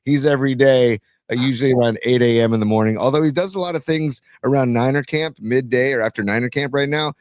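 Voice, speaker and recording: A man co-hosting a sports talk show, relaxed and full of sports trivia in casual banter. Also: mid-range voice, fast, hardly any pauses, no room sound, studio quality. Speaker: podcast co-host and youth coach.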